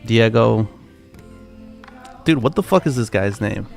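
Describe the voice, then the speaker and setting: Gravelly, cursing young male streamer. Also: on the low side, unhurried, soft background music. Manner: profane, excitable, slangy banter. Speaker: livestream trading host. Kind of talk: casual live-stream chat.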